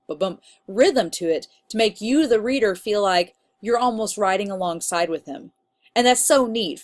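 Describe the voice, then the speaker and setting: A woman teacher giving a recorded lecture, explaining in a casual, chatty way with fillers. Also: medium pitch.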